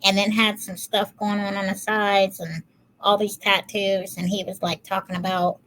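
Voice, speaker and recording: Female podcast co-host, average pitch, easygoing and self-mocking. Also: flat delivery, normal speed, a bit bright, rough recording. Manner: self-deprecating, laughs easily. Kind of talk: casual chat.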